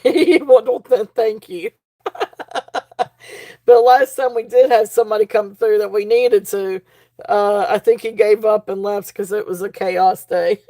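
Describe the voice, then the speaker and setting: Warm and medium in pitch, a woman's voice carries a jewelry auction livestream. As host, she reads the chat aloud and rambles along chattily, full of fillers and false starts.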